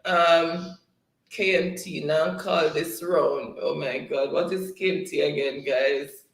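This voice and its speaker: A man's voice: a little high, steady tone, slow, gravelly, a bit bright. A man hosting a casual livestream, reading viewer comments aloud and laughing often between them. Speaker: livestream host. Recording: roomy, distant from the mic.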